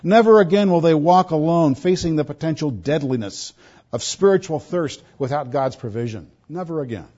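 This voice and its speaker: A man's voice: on the high side, lively intonation, normal speed, warm tone. A man preaching a sermon as a pastor, stressing points by repeating words. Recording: dull lo-fi recording.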